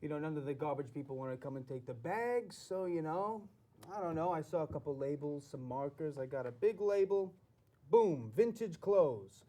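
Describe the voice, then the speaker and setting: Here the performer's voice sits on the high side, warm and expressive at a normal speed, close to how he'd talk every day. He's acting out a comedy sketch as a jittery, dim forty-one-year-old New Jersey mechanic who rambles, fidgets, and says the same things over and over.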